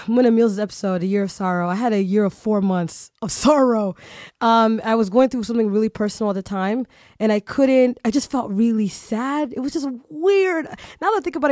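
A woman's voice: a little high, darkish tone, dry recording, clean studio sound. A woman hosting a podcast, chatting casually and animatedly, with lots of "you know" and "like" fillers. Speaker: podcast host.

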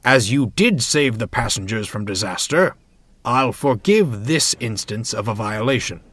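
A man voicing a grave, authoritative male railway boss who speaks in a measured way. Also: medium pitch, expressive, a bit bright, no echo. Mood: stern.

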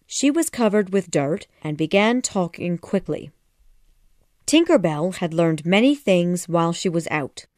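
Slow, expressive woman narrating. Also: lowish voice, no echo, clean studio sound. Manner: measured, expressive storytelling. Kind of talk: audiobook narration.

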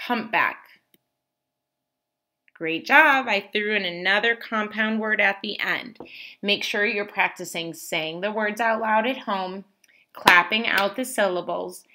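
Slow, bright-voiced woman teaching children. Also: medium pitch. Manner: slow, clearly enunciated, encouraging praise. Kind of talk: scripted teaching lesson for young children.

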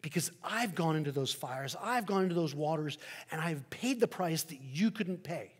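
A man preaching a sermon as pastor, swinging between loud emphasis and hushed, soft endings. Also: a little high, expressive, moderate pace, breathy edge, in a large hall. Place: church sanctuary.

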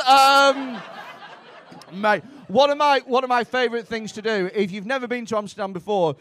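A man's voice: high-pitched, normal speed, a bit bright, slight background noise. A young man doing stand-up crowd work, brash and teasing, with plenty of swearing, on a comedy club stage. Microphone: handheld stage mic.

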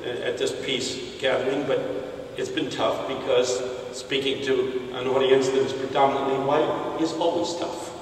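A man giving a sermon to a large audience, telling jokes and stories that swell into shouted refrains. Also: medium pitch, fairly even intonation, normal speed, a little hiss or hum. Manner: humorous storytelling that swells into shouted call-and-response. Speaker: preacher. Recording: echoey hall from far off with crowd.

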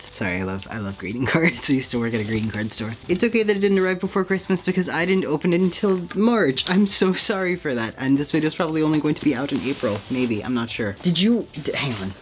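A vlogger from Quebec, softly and sentimentally chatting to camera while opening mail at home. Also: medium pitch, noisy background. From Quebec, Canada. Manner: soft-spoken, sentimental, often says "heckin'". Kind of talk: casual unboxing chat to camera. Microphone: camera mic with ring light.

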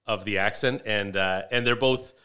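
A man's voice: lowish voice, moderate pace, sharp tone, clear, resonant tone. A man who is a comedian, chatting casually as a podcast guest and telling rambling stories about his family. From Canada. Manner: rambling, storytelling with restarts.

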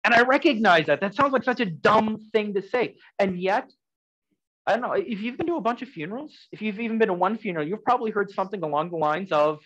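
A man preaching a sermon in an earnest, conversational way, swinging from loud emphasis to soft, quiet lines. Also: high voice, animated, quick pace, highs cut off. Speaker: pastor.

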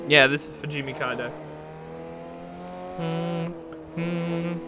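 A man's voice: a little high, fairly even intonation, slow pace. A young English man streaming a racing game, chatting in a rambling, casual way and answering chat. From England. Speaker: gaming streamer. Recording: racing game engine noise behind.

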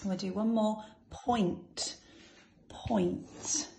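A woman teaching young children phonics, slowly sounding out each letter sound. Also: medium pitch, expressive, a little mellow, a little hiss or hum. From England. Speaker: infant school teacher.

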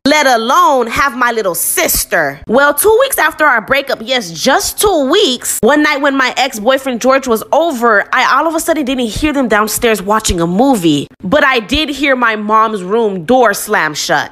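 A woman's voice: fairly high pitch, lively intonation, moderate pace, few pauses, fairly bright tone. Chatty young woman telling a story. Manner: chatty, addresses listeners directly. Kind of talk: scripted storytime narration.

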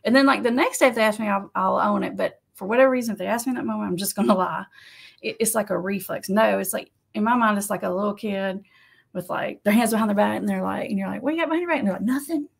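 A woman who works as an addiction counselor, giving casual advice to camera in a conversational, animated way. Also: medium pitch, fast, creaky, slightly rough. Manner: conversational, animated, laughs often, acts out quotes.

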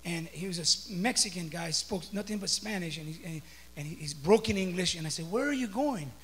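A pastor preaching a sermon, telling a story with stammering restarts and building up to shouts. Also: male voice, sits high, a little fast, a little hiss or hum. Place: church sanctuary. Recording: echoey church hall.

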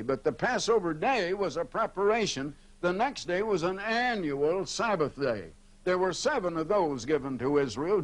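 Older male TV preacher, fairly high voice, steady explanatory delivery, slows down to read scripture aloud. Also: poor audio. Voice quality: pauses and fillers as he speaks freely. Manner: explanatory preaching, reads scripture aloud slowly and comments between verses. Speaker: evangelist broadcaster. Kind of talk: televised sermon.

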